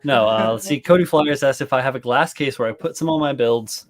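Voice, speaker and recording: A man's voice: medium pitch, a little fast. A man co-hosting a model-building livestream, laid-back and swearing casually while reading chat.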